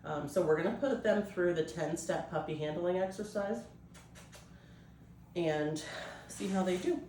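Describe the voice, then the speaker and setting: A woman breeder explaining a puppy temperament test, switching between high coaxing puppy talk and calm explanation. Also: a little slow, recorded from a distance, a little hiss or hum. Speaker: dog breeder. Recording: echoey room, voice off-mic.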